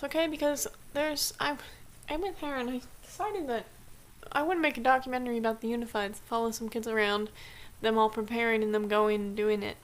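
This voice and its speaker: Chatty young woman, higher voice. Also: fairly even intonation, a little fast. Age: young adult. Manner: chatty, rambling with many restarts and "like". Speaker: vlogger. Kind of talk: casual vlog chat. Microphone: camera mic.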